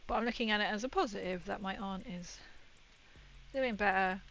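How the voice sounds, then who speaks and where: Building a model kit live, this woman talks in a loose, rambling way and laughs a lot. She speaks at medium pitch and moderate speed with a fairly bright tone, over dull lo-fi stream audio carrying a little hiss or hum.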